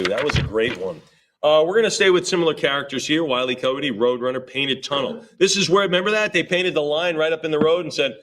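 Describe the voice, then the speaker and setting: A man with a mid-range, animated, slightly bright voice works as an auctioneer at a live sale. He chants the bids over and over at a rapid clip, tossing playful jokes in between the numbers. There is a little background noise.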